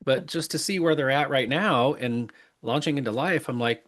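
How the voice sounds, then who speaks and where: A middle-aged man being interviewed on a podcast, talking earnestly with many restarts and pauses. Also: medium pitch, a bit bright. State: choked up with emotion. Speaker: podcast guest. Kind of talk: casual interview talk.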